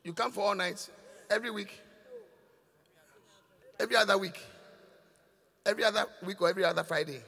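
An older man preaches in a high, sharp, husky voice. He scolds and quizzes his congregation in call-and-response. His words ring out through the long reverb of a large church hall. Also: brisk, pauses often. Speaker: bishop preaching.

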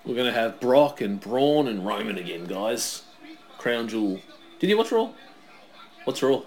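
A man's voice: medium pitch, sing-song, unhurried. A man with an Australian accent, co-hosting a wrestling watch-along, chatting and calling the moves casually. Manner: chatty, calls the action, laughs along. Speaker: co-host.

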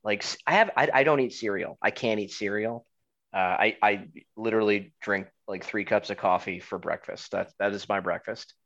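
A man's voice: lowish voice, moderate pace, a bit bright, lo-fi sound. A man co-hosting a casual podcast, teasing his partner and joking, with lots of fillers and restarts. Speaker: podcast co-host.

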